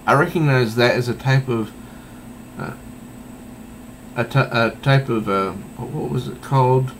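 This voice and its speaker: A man's voice: mid-range voice, unhurried, a little hiss or hum, rough recording. A man reviewing a comic book in a casual, meandering way, thinking aloud as he goes.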